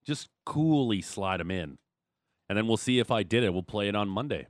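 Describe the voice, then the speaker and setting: A man's voice: fairly low pitch, lively intonation, normal speed, no echo, studio quality. Joking man hosting sports radio. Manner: joking, reads texts and ad reads. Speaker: radio sports show host. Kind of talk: casual radio banter. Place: radio studio.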